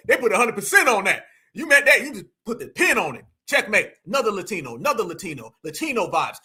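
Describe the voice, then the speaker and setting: A man reacting to a clip on a live stream, talking to his viewers as family in animated, slangy, preachy commentary. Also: sits high. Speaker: livestream commentator.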